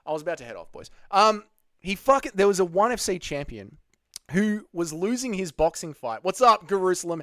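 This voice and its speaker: Lively, swearing Aussie streamer guy. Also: sits high, dry recording, studio quality. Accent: Australian. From Australia (Melbourne). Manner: swears freely, loose and joking. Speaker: MMA channel host. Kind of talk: casual livestream chat, reading chat aloud.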